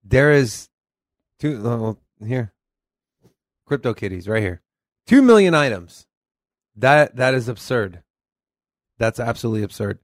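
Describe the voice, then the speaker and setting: A man's voice: mid-range voice, very animated, a little slow, long pauses, dry recording, clean studio sound. A man from Texas with a Southern accent, co-hosting a casual crypto podcast, reading articles aloud and swearing casually. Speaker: podcast co-host.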